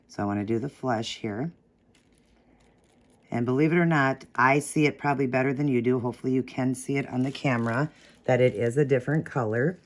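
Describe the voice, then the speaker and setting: A man's voice: medium pitch, darkish tone. Man, craft tutorial host; easygoing step-by-step talk, thinks aloud, fixes his own slips. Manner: chatty, talks while working, corrects own slips.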